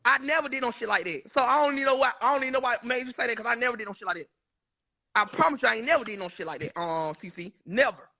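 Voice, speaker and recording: A man with a very high, bright, tense voice, talking fast. He argues insistently on a live stream, swears on his mother again and again, and curses freely. There is a gravelly fry under his words. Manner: insistent, swears oaths repeatedly, profane. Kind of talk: heated live-stream argument.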